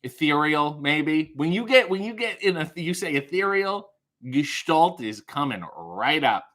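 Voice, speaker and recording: A man's voice: fairly high pitch, very animated, a little slow, fairly bright tone. A man hosting a casual livestream from a small hotel room, rambling and joking as he chats with viewers. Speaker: livestream host.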